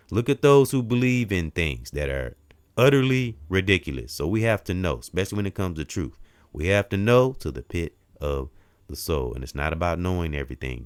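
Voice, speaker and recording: A man giving an emphatic spiritual self-help talk, preachy in tone, swinging from loud stressed words to quiet asides. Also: very deep voice, no echo. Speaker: motivational speaker.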